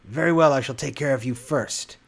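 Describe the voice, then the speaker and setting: A man's voice: medium pitch, vocal fry, pitched above the performer's own voice. Man voicing a menacing shadow demon woman. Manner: slow, menacing proclamations.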